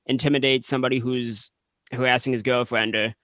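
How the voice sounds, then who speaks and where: A young man co-hosting a casual movie podcast, talking in a relaxed, measured way. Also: medium pitch, dry recording. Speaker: podcast co-host. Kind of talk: casual film review chat.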